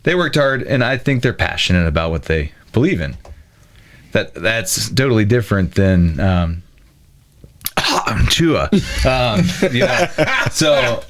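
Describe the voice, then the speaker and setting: A man in his late thirties, a podcast guest who talks in a halting way, thinking aloud in short bursts during a casual discussion. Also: on the low side, very animated. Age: 30s.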